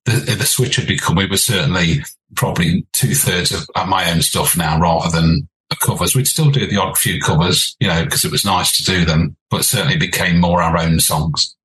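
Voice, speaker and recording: A very deep-voiced older man from England shares his memories as an interview guest. He talks in a lively, anecdotal way, laughing and restarting his sentences. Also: moderate pace, poor audio. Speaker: podcast guest, former band leader. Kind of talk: storytelling interview.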